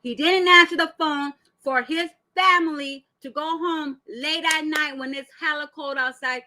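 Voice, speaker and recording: A woman's voice: high-pitched, measured pace, few pauses, sharp tone, low-quality recording. A woman hosting a reaction channel, giving blunt, profane, heated commentary full of rhetorical questions.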